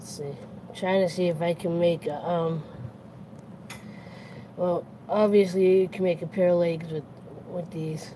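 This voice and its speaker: A woman's voice: on the low side, steady tone, unhurried, pauses often, dark tone, slight background noise, poor audio. A woman with a Boston accent hosting a casual late-night chat, rambling and correcting herself as she goes. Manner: rambling, self-correcting, chatty. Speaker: host.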